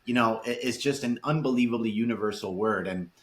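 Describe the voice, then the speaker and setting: A man's voice: medium pitch, brisk, roomy sound. A man talking as a guest on a podcast in casual chat, swearing freely and often restarting his sentences. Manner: animated, laughing, frequent restarts and swearing. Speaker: podcast guest, motivational speaker.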